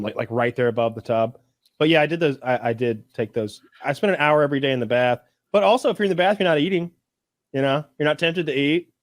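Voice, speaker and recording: A man's voice: medium pitch, no echo, studio quality. Rambling man on a podcast. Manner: rambling, halting with many ums and restarts. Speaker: podcast co-host. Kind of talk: casual podcast banter.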